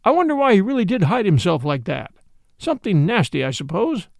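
A high, crowing voice of a jittery middle-aged police inspector, straining to sound cheery and conversational, as a male narrator puts him on. The delivery is lively and leaps up in pitch, with a gravelly edge in a dry, close space. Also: a little fast, dry recording, exaggerated voice. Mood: forced cheer.

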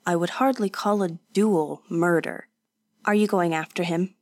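A blunt old woodseller who scolds and lectures the young man in front of him, as a woman narrator plays him. His voice sits on the low side and is recorded close and dry, with no room sound. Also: fairly even intonation, unhurried, dry recording, close to an everyday voice. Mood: gruff.

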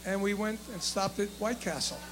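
A man chatting loudly and jokily with old friends. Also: high-pitched, steady tone, normal speed, low-quality recording. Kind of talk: casual chat. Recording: crowd noise behind.

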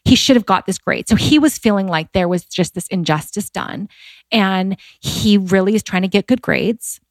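A woman's voice: mid-range voice, normal speed, no echo. A woman in her forties, a guest telling personal stories in candid, heartfelt conversation, with many fillers and a voice that rises when she is moved. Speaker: podcast guest.

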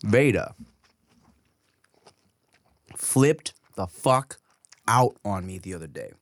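Lively, cussing young dad telling a story. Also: male voice, on the low side, slow pace, no echo. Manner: animated, profane, laughs often. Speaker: podcast co-host. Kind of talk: casual storytelling chat. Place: podcast studio.

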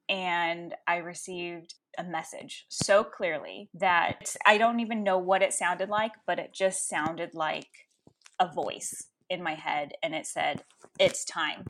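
A woman in her thirties, a coach and Reiki healer, telling a personal story in an animated, frank way with laughs. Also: on the low side, slight background noise. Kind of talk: storytelling interview.

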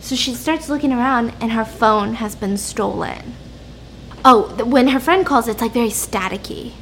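A woman's voice: a little high, normal speed, a bit bright, a little hiss or hum. Chatty young woman recapping a plot. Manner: chatty, lots of fillers.

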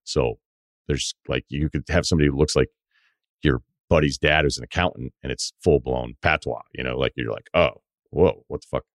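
A man in his forties hosting a podcast, telling rambling stories in casual chat with swearing and animated asides. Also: rumbling low, normal speed, no room sound, studio quality. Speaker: podcast host.

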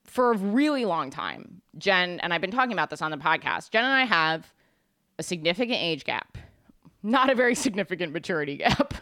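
A young woman hosting a podcast, talking in a joking, animated way and swearing freely. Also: fairly low pitch, no echo, clean studio sound. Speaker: podcast host. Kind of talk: casual chat.

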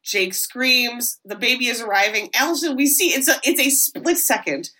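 A woman podcast host giving an animated, comedic film recap with swearing and asides. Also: on the high side, normal speed.

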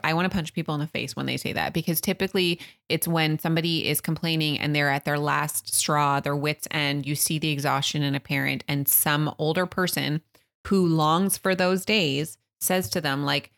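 A woman in her thirties co-hosting a casual podcast with her partner, chatty, quick to laugh and swear. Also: low-pitched, creaky, fairly bright tone. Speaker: podcast co-host. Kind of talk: casual couple chat.

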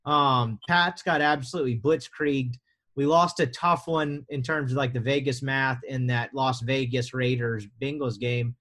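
A man's voice: medium pitch, steady tone, a little slow, a bit bright. A young adult American man hosting a sports podcast in a casual, joking, rambling way. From United States. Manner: joking, rambling, sarcastic asides. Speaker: podcast host.

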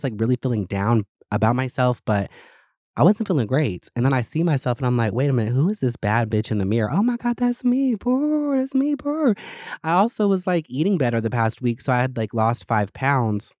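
A man's voice: medium pitch, a little mellow, no room sound, clean studio sound. A man hosting his own podcast, chatting casually in a gossipy, sassy and profane way. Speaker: podcast host. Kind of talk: casual solo podcast chat.

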